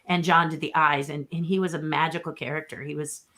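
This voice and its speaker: A woman's voice: low-pitched, fairly even intonation, a little fast, a bit bright. A middle-aged woman who is a puppeteer, telling stories as a guest in a casual interview. She acts out quotes and laughs often.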